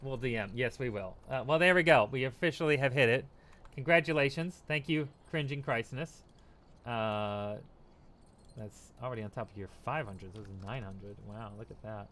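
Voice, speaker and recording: A man's voice: medium pitch, normal speed, fairly bright tone. A tipsy man streaming a game, rambling casually, laughing and thanking his chat.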